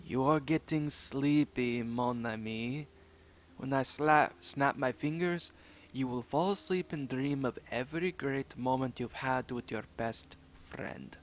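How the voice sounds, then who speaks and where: A man voicing a mysterious hypnotist in a top hat, with a put-on French accent and a slow, sinister manner. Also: mid-range voice, lightly acted. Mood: hypnotic.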